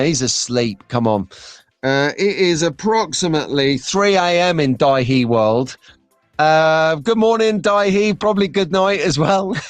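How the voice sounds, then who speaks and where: A fairly high-voiced man hosts a live stream in a chatty, excitable way, now and then winding himself up to a frantic, shouty pitch. The sound is dry and close, with no room around it. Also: no echo. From England. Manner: chatty and excitable, gets frantic and loud at times. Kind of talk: casual live chat reading viewer comments.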